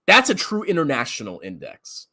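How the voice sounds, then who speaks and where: A man's voice: on the high side, huge pitch swings, moderate pace, sharp tone. A man ranting as a finance commentator on a livestream, mocking and laughing often while answering chat questions.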